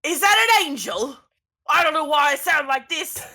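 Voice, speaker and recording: A woman's voice: sits high, lively intonation, normal speed, sharp tone, pitched above the performer's own voice. A woman voicing a rowdy male punk singer, brash and heckling. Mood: hostile.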